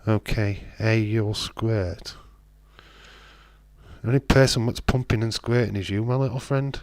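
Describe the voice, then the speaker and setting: Mid-range and steady in tone, this man speaks fairly quickly in a recording with no echo. Hosting a live watch-along, he reads out the chat, commenting casually and teasing his viewers, with frequent restarts.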